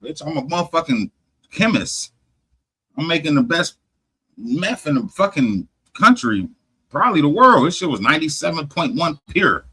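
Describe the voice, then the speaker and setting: Bright husky man telling a story. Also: fairly high pitch, normal speed, poor audio. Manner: animated, swears heavily, restarts often. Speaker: podcast host. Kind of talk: casual profane storytelling.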